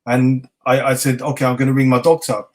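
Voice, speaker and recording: A man's voice: mid-range voice, fairly quick. A middle-aged man with a London accent, telling his story in a casual interview and acting out the dialogue. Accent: London English. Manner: animated, acts out dialogue, laughs often. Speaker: chef and interview guest.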